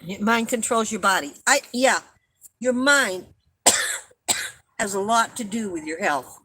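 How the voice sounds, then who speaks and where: A woman's voice: mid-range voice, expressive, slow pace, noisy background. An older woman hosting a casual live-stream chat, rambling and chatty, laughing at her own stories and coughing often.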